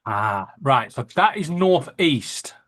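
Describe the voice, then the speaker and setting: A man's voice: medium pitch, very animated, takes it slowly, a bit bright, no echo. A man with a Lancashire accent, chatting casually and telling jokey, sweary stories. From Lancashire, England. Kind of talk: casual chat.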